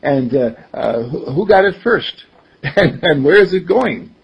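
A man's voice: on the high side, expressive, measured pace. An older man giving a conversational talk, telling stories and acting out the people in them, chuckling often. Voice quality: husky, gravelly. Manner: storytelling, acts out quoted voices, chuckles often. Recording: dull lo-fi recording.

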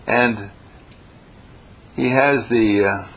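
Gravelly-voiced man giving gentle class feedback. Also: medium pitch, very slow. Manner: gentle, meandering critique with frequent hesitations. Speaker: workshop teacher. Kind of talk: classroom feedback on student writing.

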